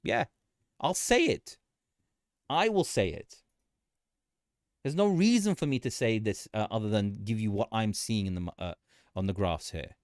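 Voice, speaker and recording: A man hosting a casual market commentary livestream, animated and joking, often repeating himself and laughing. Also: on the low side, normal speed, long pauses, dry recording, studio quality. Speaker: livestream host.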